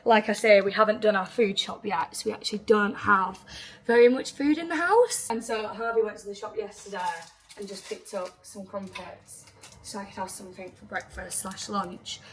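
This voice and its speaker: A woman's voice: mid-range voice, fairly even intonation, normal speed. A young woman in her twenties, chatting casually and rambling a little in a home vlog. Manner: chatty, rambling, self-deprecating. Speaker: vlogger.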